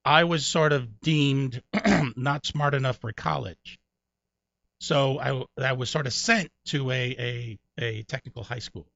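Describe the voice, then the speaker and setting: A middle-aged man with a bright, forceful voice tells stories as a comedian guest, lively and quick to mimic others. The sound is dry and a little muffled, with no room around it. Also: gravelly, no echo. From Connecticut, USA. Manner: animated storyteller, jumps high doing other people's voices. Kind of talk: storytelling interview.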